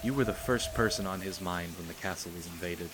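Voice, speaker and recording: A man reading aloud and voicing a young princess, a steady older sister who speaks softly and comfortingly. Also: sits low, a little fast, background noise, close to an everyday voice. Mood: gently comforting. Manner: soft, comforting, coaxing.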